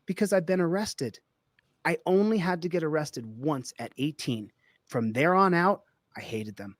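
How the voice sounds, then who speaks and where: A man's voice: on the high side, normal speed, no room sound, clean studio sound. A man giving an indignant, ranting monologue about his own experience.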